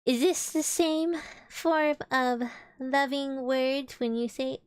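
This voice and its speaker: A woman's voice: high-pitched, steady tone, measured pace, clear, resonant tone, dry recording, clean studio sound. A young woman streamer reading a children's book aloud, breaking off for playful, musing asides. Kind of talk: casual storybook reading with chatty asides. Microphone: streaming microphone.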